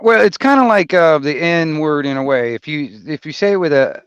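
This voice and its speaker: A man talking casually on a group call, halting with many fillers. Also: mid-range voice, big pitch swings, a bit bright, clean tone, no room sound. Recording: dull lo-fi call audio.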